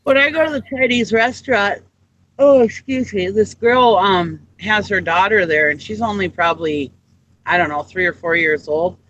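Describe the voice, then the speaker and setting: A man chatting on a live morning show, his voice sitting high and sounding bright and forward. He rambles, circling back with fillers and false starts as he tells a story. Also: normal speed, highs cut off, a little hiss or hum. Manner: rambling, many ums and restarts. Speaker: co-host. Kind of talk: casual chat.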